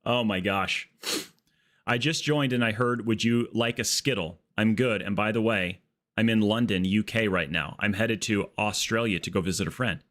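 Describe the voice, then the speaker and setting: Low-voiced jokey male streamer. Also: moderate pace. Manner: jokey, riffing excitedly with chat. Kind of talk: casual live-stream chat while playing.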